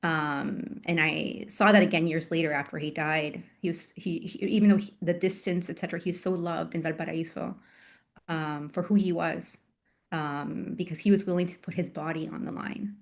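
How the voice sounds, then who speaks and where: A woman's voice: low-pitched, steady tone, normal speed. Reflective woman guest telling a story. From Chile. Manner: reflective, many fillers and laughs. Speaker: guest author. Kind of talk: conversational storytelling interview.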